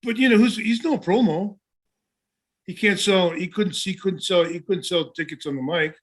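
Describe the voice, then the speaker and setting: A man's voice: high voice, moderate pace. A man in his seventies, a former wrestler co-hosting a podcast, telling stories in a rambling way with many restarts. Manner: rambling, full of restarts and "you know". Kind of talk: casual storytelling chat.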